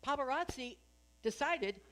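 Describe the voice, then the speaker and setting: A woman's voice: sits high, lively intonation, measured pace, a bit bright. A woman minister giving a sermon at a spiritual center, chatty and joking, asking her congregation questions.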